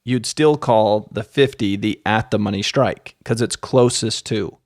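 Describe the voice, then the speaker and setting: A man co-hosting a lesson, agreeing and adding calm explanations. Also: fairly low pitch, a little slow, no echo, clean studio sound. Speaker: co-host. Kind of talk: casual explaining.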